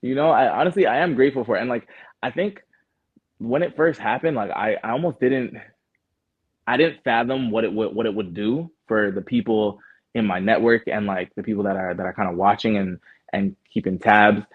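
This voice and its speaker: A man's voice: fairly low pitch, fairly quick, husky, no room sound. A young Canadian man, a guest artist, chatting in a laid-back way with lots of fillers and restarts. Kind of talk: casual interview chat. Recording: muffled phone-like sound.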